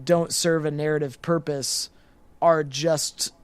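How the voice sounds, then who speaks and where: A man co-hosting a podcast who speaks in a fairly high, smooth and resonant voice. He rambles and restarts often as he hunts for the right words. The sound is dry and close to the mic. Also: fairly even intonation, takes it slowly, dry recording. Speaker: podcast co-host. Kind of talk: casual film discussion.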